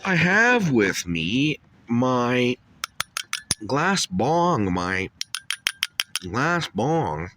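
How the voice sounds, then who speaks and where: A man rambles through a stoned comedy monologue, heavy on fillers and swearing. His pitch swings widely while he drawls slowly. Faint hiss sits under the home recording. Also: fairly bright tone. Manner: rambling, profane, full of fillers. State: coughing and dizzy after a bong hit. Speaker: comedy skit host.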